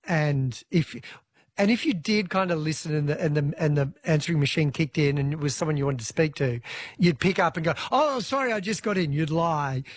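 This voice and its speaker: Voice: medium pitch, brisk, no room sound. Chatty Australian radio host. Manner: chatty, laughing, acts out little quoted lines. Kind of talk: talkback radio chat.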